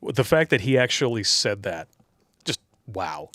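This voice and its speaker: A man's voice: on the low side, sing-song, unhurried, fairly bright tone, no room sound, studio quality. A man co-hosting a casual livestream, reading donor messages aloud and making crude jokes that he laughs at himself. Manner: crude joking, reads tips aloud, laughs at own jokes.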